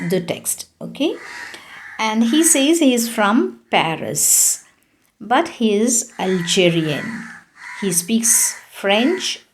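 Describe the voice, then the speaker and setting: A woman's voice: medium pitch, a little mellow. A woman teaching a French lesson online, patiently repeating answers and putting questions to her class.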